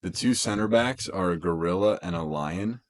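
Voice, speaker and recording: A man's voice: low voice, moderate pace. A man co-hosting a sports podcast, rambling through casual chat with lots of fillers and restarts. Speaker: podcast co-host.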